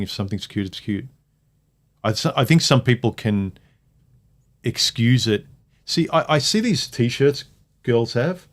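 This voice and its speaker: A man hosting a casual livestream chat from home, blunt and opinionated, hammering his points home. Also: mid-range voice. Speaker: livestream host.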